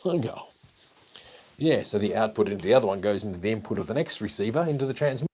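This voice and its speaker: A man's voice: lowish voice, animated, quick pace, a little mellow, slightly rough. A man, chatting casually and swearing as he tinkers with gear on a wireless mic while walking through his house. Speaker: livestream host. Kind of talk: casual rambling livestream talk. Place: walking around a house, down a hallway.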